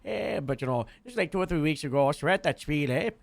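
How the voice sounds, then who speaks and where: A man's voice: a little high, animated, fast talker, vocal fry, no room sound. A man telling a long story in character during a roleplay game, rambling with lots of filler and restarts.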